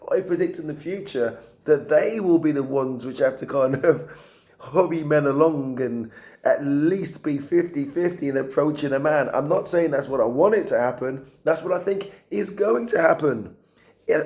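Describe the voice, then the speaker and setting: A man's voice: medium pitch, gravelly, a little mellow. A man speaking as a guest in a panel debate, laying out his predictions in an opinionated way with tag questions and asides to the listener.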